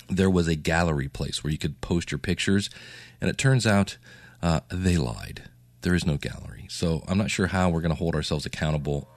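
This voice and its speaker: A man hosting a casual solo podcast update with a low morning voice, rambling and chatty. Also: dry recording. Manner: rambling, chatty, with fillers and self-asides. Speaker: podcast host.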